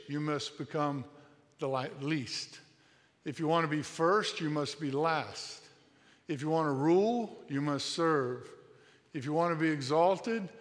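A man's voice: on the high side, a bit bright, in a large hall. A man in his late fifties preaching a sermon, earnest and repetitive, pressing points over and over with small restarts. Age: 50s. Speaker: pastor.

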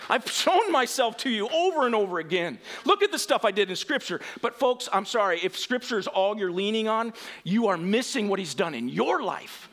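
A male pastor preaching a sermon, animated, swinging from quiet asides to shouted emphasis and laughing at himself. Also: sits high, normal speed.

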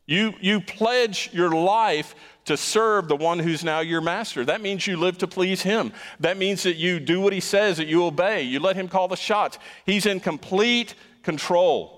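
A man's voice: high voice, measured pace, few pauses, fairly bright tone. Emphatic male pastor in a reverberant hall. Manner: emphatic, repeats words when stressing a point. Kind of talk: sermon.

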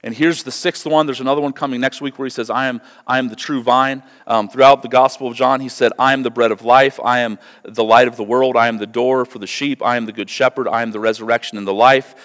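A man preaching a sermon as pastor, moving from quiet teaching to loud, fervent delivery. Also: medium pitch, fairly even intonation, fast talker, few pauses. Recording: long hall reverb.

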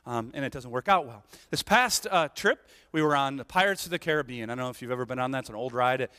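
A man's voice: medium pitch, quick pace, clean tone. A middle-aged man preaching a sermon, telling stories with playful asides and checking in with the congregation. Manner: animated storytelling, playful asides, rhetorical "right?". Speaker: pastor. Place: church sanctuary. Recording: long reverb of a large hall.

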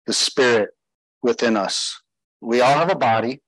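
A man's voice: medium pitch, moderate pace, a bit bright, no room sound, poor audio. A man preaching a sermon as pastor, emphatic, putting rhetorical questions to his listeners.

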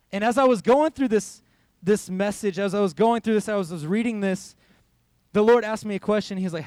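A man's voice: high voice, darkish tone. A young man, a youth pastor, giving a conversational sermon in a church hall, telling a personal story and quoting his own thoughts.

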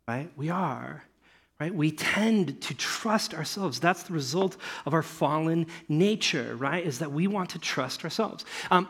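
A middle-aged male pastor preaching a sermon, animated, often asking his listeners rhetorical questions. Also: sits high.

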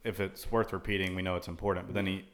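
Deep-voiced man discussing scripture. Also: little pitch movement, fast talker. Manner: thoughtful, quotes scripture at length. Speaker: co-host. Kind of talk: casual Bible discussion.

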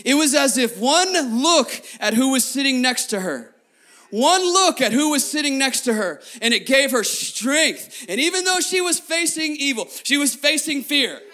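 A man in his thirties, a pastor preaching a sermon to his congregation, telling stories lively, repeating phrases and talking straight to the crowd. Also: very high-pitched, normal speed. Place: church before a congregation.

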